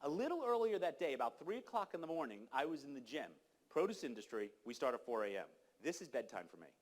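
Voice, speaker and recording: Man speaker, fairly high voice, preaching-style urgency at a conference lectern. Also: big pitch swings, fast. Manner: urgent, exhorting, storytelling with direct questions to the audience. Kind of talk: impassioned conference talk. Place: conference hall.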